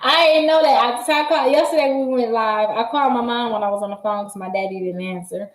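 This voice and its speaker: A woman hosting a casual livestream, chatty and excitable, laughing often and talking straight to her viewers. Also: a little high, fast, noisy background. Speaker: credit repair livestream host. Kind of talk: casual livestream chat reading viewer comments. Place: her office. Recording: roomy echo.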